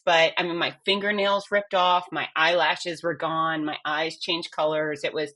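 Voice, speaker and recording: A woman's voice: deep voice, steady tone, fairly bright tone. A middle-aged woman, a fitness expert, speaking candidly and with emotion as an interview guest. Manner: candid, emotional, quick bursts. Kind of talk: conversational interview.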